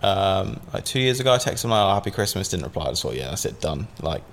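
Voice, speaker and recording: A man's voice: deep voice, very animated, fast talker, slight background noise. A man from Southampton, telling a long story as a podcast guest in a casual, rambling way, full of fillers and swearing. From Southampton, England.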